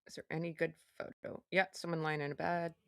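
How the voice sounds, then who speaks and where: A woman's voice: deep voice, level tone, a little fast, a bit bright, dry recording, clean studio sound. A woman hosting a casual live stream, talking in a sarcastic, rambling, chatty way. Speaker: online show host.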